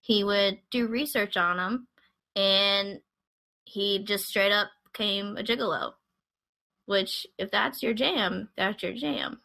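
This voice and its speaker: A woman's voice: mid-range voice, bright, forceful tone. A young woman hosting a podcast, telling a true-crime story in a casual, chatty way with wry asides. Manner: chatty, wry asides while recounting a case. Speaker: podcast host.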